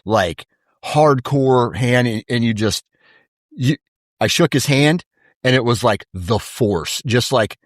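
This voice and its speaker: A man in casual conversation, telling anecdotes in a laid-back, animated way and saying "dude" often. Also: mid-range voice, slow pace, dry recording, clean studio sound. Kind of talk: casual chat.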